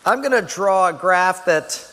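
A pastor with a high, bright tone preaches to his congregation. He is animated and jokey, slipping into quick impressions and whoops. His voice rings with the long reverb of a large church hall. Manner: animated, acts out little voices and exclamations. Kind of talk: sermon. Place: church sanctuary.

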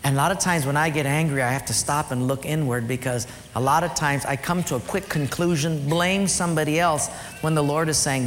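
A middle-aged man, a pastor, preaching a sermon and telling stories, his voice climbing high when he acts out quotes. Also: fairly quick, slight background noise. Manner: animated storytelling, voice rising high in retold quotes. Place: church sanctuary. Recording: long hall reverb with faint music.

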